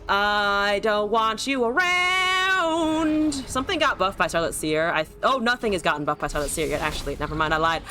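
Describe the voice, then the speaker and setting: A woman's voice: deep voice, noisy background. A young woman streaming a card game, chatting casually, talking to her opponent, laughing and swearing often. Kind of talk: live gameplay commentary.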